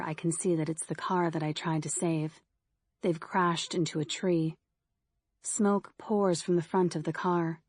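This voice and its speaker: A woman narrating a first-person horror audiobook in a steady, measured storytelling manner. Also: lowish voice, no echo, studio quality.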